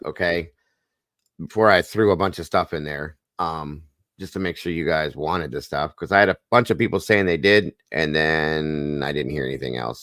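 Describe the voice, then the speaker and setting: A man hosting a live stream, chatting casually in a rambling, folksy way and clearing his throat now and then. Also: low voice, fairly bright tone, no room sound, clean studio sound. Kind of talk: casual chat.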